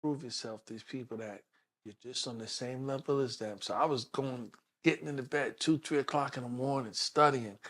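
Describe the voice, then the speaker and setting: A man's voice: mid-range voice, moderate pace. A man in his sixties with a New York accent, a detective telling his life story as an interview guest, acting out the voices of people in it. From New York City. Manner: animated, acts out quoted voices in stories.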